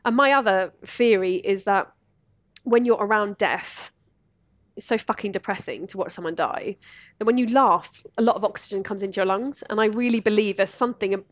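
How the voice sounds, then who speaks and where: A woman guest telling candid stories in conversation, animated, laughing and swearing freely. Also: mid-range voice, moderate pace, no room sound. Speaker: podcast guest.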